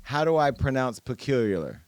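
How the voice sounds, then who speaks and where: A man's voice: medium pitch, big pitch swings, normal speed, no echo. A man hosting a podcast in casual, playful chat, laughing and cursing as he talks. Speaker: podcast host.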